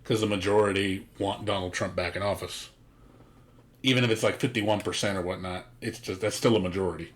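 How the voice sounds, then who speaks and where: A man's voice: low voice, fairly even intonation, fairly quick. A man streaming a game, chatting casually with a blunt, profane, ranting manner. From United States. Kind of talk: casual chat.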